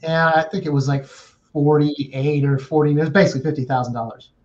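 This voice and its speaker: A man with a fairly high speaking voice tells a story in a relaxed, chatty way. He often repeats a word or starts a phrase over. The audio sounds slightly dull and lo-fi. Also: fairly quick. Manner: repeats words and restarts phrases. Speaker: guest, remodeling business owner. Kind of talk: casual storytelling.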